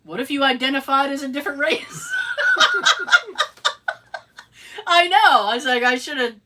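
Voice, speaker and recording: A high-voiced woman speaks at a measured pace over a noisy background. She's co-hosting a podcast, telling a story in casual chat, animated and sarcastic, with asides and quotes she acts out.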